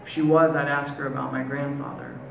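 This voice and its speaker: American man performing spoken word, gravelly. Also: medium pitch, little pitch movement, fairly bright tone. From United States. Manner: measured, deliberate delivery with slow, lingering pauses. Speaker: poet. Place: live performance venue. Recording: echoey room, faint ambient noise.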